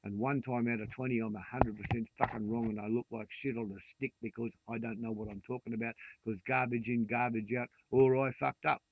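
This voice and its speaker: A gravelly-voiced Australian man in his sixties delivers a vehement, expletive-laden rant, sitting at a middle pitch. The sound is thin and phone-like, with no room echo at all. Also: little pitch movement, a little fast, hardly any pauses. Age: 60s. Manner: profane, ranting and vehement. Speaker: vlogger. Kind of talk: angry rant to camera. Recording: dry tinny phone-like sound.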